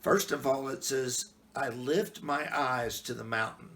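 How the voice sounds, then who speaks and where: A middle-aged male pastor talks through scripture in a relaxed, folksy manner. His voice sits at an ordinary middle pitch for a man, and he keeps the tone plain-spoken and conversational. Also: unhurried. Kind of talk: casual devotional Bible talk.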